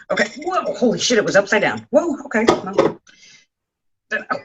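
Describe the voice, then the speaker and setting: A man's voice: high voice, very animated, moderate pace, muffled recording, very noisy. A man chatting casually through a home cooking vlog, making joking asides and talking to his cat in his kitchen. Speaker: home cook vlogger.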